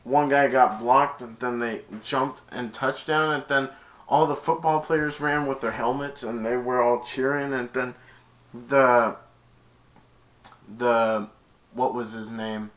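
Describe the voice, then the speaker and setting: A man casually retelling a movie's plot in a rambling, excitable way, acting out the lines. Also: mid-range voice, slow. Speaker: movie reviewer.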